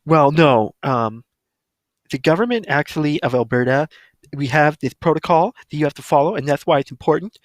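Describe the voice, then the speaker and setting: A man's voice: on the high side, expressive, a little fast, dry recording, close to an everyday voice. A man mimicking a prim, lecturing receptionist woman. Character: irritated female salon receptionist.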